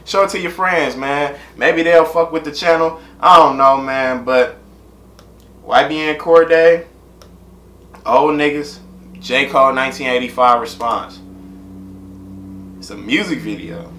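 Man, reaction host, loose slangy rambling delivery, bright edgy tone, echoey room. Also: mid-range voice, a little slow, long pauses. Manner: loose, slangy, rambling with constant filler phrases. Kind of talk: casual reaction vlog.

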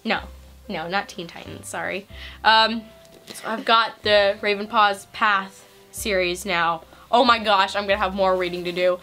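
A woman hosting a casual vlog at home, excitedly gushing and giggling as she opens presents. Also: mid-range voice, unhurried, soft background music. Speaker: vlog host. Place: at home on Christmas Eve.

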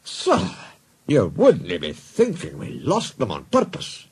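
A man's voice: lowish voice, wildly swooping pitch, slow, gravelly, a little mellow, slight background noise, exaggerated voice. A man voicing two cheeky engine twins with a broad Scottish accent, sounding innocent while being sly.

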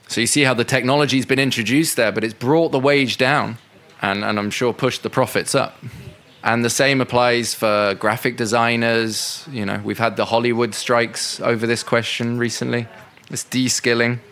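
A man's voice: mid-range voice, fairly bright tone. A man giving an unscripted talk that answers audience questions, conversational and full of fillers and restarts. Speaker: speaker at a political education session.

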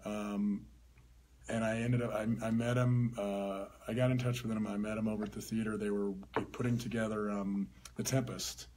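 A man's voice: on the low side, little pitch movement, normal speed, a little mellow, a little hiss or hum. A man hosting an interview in an easygoing, supportive way. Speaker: interview host. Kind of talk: conversational interview.

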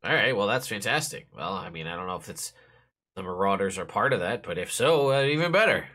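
A game master voicing a laid-back miner who talks in a hesitant, rambling way. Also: male voice, deep voice, animated, a little fast, bright, forceful tone, heavily acted. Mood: casual. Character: laid-back hard-working male miner who likes drinks. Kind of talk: tabletop game voice acting.

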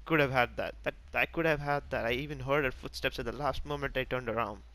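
A man hosting a gaming channel, giving live, excitable and self-mocking commentary as he plays, talking to teammates and enemies. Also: medium pitch, fast.

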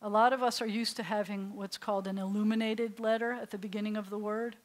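A woman's voice: mid-range voice, flat delivery, fast talker. A woman with an American accent, a rabbi teaching a beginner Hebrew class in an informal, storytelling way while pointing at letters on a board.

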